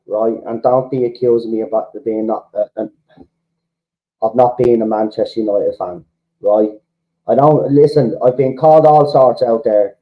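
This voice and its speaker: A man's voice: mid-range voice, steady tone, normal speed, highs cut off. An Irish man from the Republic of Ireland hosting a fan livestream, ranting heatedly and swearing, often repeating himself. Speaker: fan channel host. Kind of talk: livestream rant to chat.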